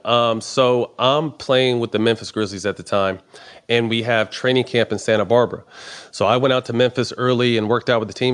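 A middle-aged man casually telling a long personal story, swearing often and acting out the dialogue. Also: medium pitch. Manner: profane, animated storytelling with quoted dialogue. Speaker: podcast guest.

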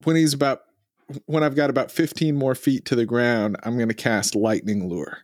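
A man's voice: medium pitch, fairly even intonation, normal speed, no room sound. A man with a mid-range voice plays a tabletop game. He casually lays out his moves one step at a time. The sound is dry and close. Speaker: player.

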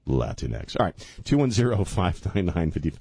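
A man's voice: low voice, big pitch swings, moderate pace, mellow, husky, no echo. A man hosting a talk radio show, joking loosely and slipping into mock voices. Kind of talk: comedic talk radio banter.

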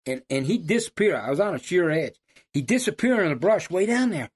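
A middle-aged man, a hunting guide, telling stories in casual chat with loud, high bursts when he quotes people. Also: brisk, husky. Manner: animated yarn-spinner, loud high bursts when quoting.

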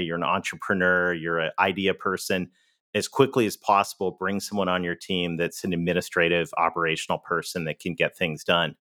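A man's voice: deep voice, a bit bright, no room sound, clean studio sound. A Canadian man with a Canadian accent, a podcast guest talking about running businesses in an upbeat, emphatic way. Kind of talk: conversational interview.

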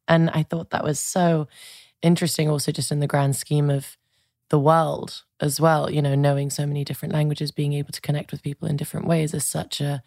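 A woman hosting an interview, thoughtful and soft-spoken as she reflects and asks questions. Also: deep voice, flat delivery, a little fast, vocal fry, no echo, clean studio sound. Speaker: podcast host. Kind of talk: interview conversation.

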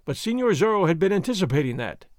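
A man's voice: high-pitched, sing-song, fast talker, no room sound. Male audiobook narrator, dry close sound.

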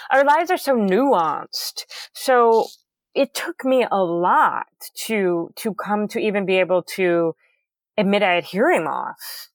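A woman's voice: medium pitch, animated, slow pace, dry recording, studio quality. A woman guest in a casual conversation, speaking candidly and directly about her own experience. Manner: candid and straightforward, with some restarts.

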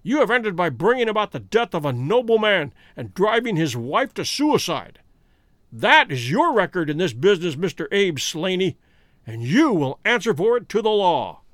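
A man voicing a calm, stern male detective who speaks in a measured, commanding way. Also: high voice, dry recording, clean studio sound.

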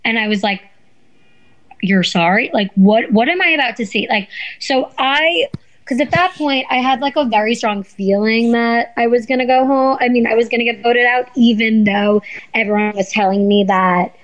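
A woman guest telling a story in a casual interview, animated and swearing, acting out what people said. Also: a little high, normal speed, low-quality recording. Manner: animated, swearing, acts out quotes. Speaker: guest, former reality show contestant.

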